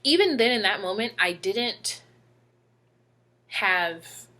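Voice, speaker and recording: A young woman telling a personal story to camera in a halting, emotional way with many fillers. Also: medium pitch, lively intonation, bright, forceful tone. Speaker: vlogger.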